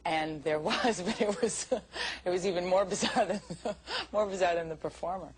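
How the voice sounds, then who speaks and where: A woman's voice: on the low side, moderate pace, rough recording. A woman in a documentary interview, reminiscing with amusement and laughing as she talks.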